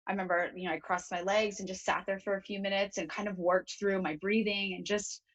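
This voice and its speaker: A woman's voice: mid-range voice, flat delivery, fairly quick, rough recording. A young woman, a talk show guest, tells a personal story in an earnest, emotional way, often restarting her sentences. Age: young adult.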